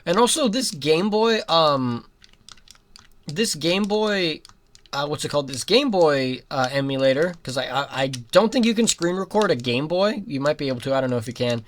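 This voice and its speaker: A young adult giving rambling let's-play commentary, breaking into giggles and sudden loud outbursts at the game. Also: medium pitch, animated, moderate pace, slight background noise. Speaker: gaming commentator.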